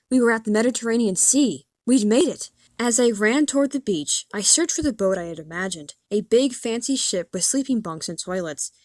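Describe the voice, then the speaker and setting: A woman narrating an audiobook in the first person, with an earnest, expressive reading. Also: medium pitch, dry recording, studio quality. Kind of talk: scripted narration.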